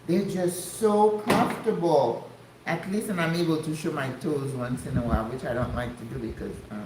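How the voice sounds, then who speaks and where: An older woman from the United States chatting casually to her viewers, exclamatory and quick to laugh. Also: sits low, slight background noise. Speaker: vlogger. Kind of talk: casual chat. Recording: echoey room.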